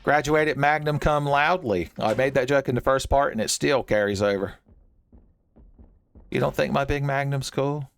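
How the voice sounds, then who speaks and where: A man's voice: mid-range voice, normal speed, vocal fry, pauses often. Jokey man commenting on his gameplay. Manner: joking, talks to the enemies on screen. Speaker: gaming channel host. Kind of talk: let's play commentary.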